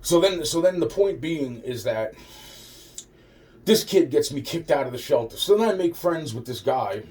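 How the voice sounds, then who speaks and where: A man's voice: medium pitch, mellow, far from the mic. A man telling a rambling, profane personal story with sarcastic asides.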